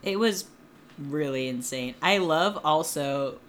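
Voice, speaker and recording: A man's voice: fairly high pitch, lively intonation, slow pace, noisy background. A man co-hosting a podcast in casual chat, sarcastic and laughing, with lots of "like". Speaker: podcast co-host.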